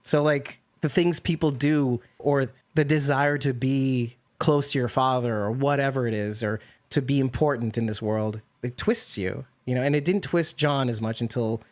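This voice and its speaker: Rambling, animated man podcast co-host. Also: medium pitch, moderate pace, few pauses. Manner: animated, rambling, laughs often, swears. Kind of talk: casual chat.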